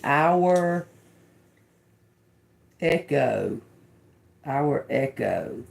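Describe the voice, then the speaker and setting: A woman doing an intuitive tarot reading. She repeats channeled words slowly and quietly, then turns chatty when she explains them to viewers. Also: low-pitched. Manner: slow, murmured repetition of channeled words. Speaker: tarot reader.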